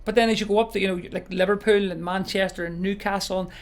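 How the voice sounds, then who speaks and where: A man's voice: high-pitched, steady tone, quick pace. Rambling chatty DJ, man. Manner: rambling, lots of you know and sort of. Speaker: wedding DJ and podcast co-host. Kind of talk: casual chat.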